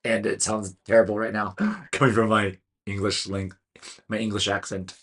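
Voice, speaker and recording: His voice sits on the low side, slightly bright with a breathy edge, and his delivery is flat at a moderate pace. A man with a Californian American accent gives an earnest, chatty solo video review of a film, now and then tripping over names.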